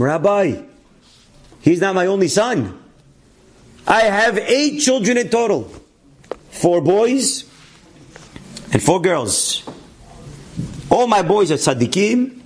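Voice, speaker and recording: A man delivers a sermon in the form of a story, his voice sitting a little higher than most men's. He acts out each person he quotes with sudden rises in pitch and drops Hebrew terms into his English as he goes. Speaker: rabbi telling a story.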